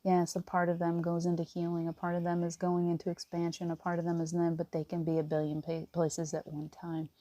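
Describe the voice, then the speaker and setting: A woman giving gentle spiritual encouragement in casual live talk, rambling with restarts and often near tears. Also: fairly low pitch, monotone, fairly quick, few pauses, no echo. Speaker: spiritual reader.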